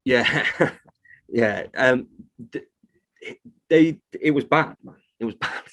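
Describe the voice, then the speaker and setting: A man's voice: mid-range voice, slow, fairly bright tone. Man, reptile shop owner, heated rant, casual podcast chat, swears freely.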